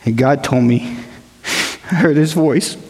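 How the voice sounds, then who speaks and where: A man's voice: medium pitch, a little mellow. Man giving emotional testimony in a reverberant hall. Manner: emotional, halting, plain-spoken. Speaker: church testimony speaker. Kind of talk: personal testimony.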